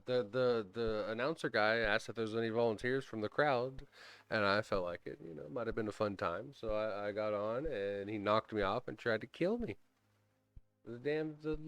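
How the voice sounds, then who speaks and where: A man's voice: mid-range voice, lively intonation, normal speed, fairly bright tone, no room sound. A man playing a tabletop game in character, joking and rambling, often laughing. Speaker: player. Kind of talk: casual in-character role-play.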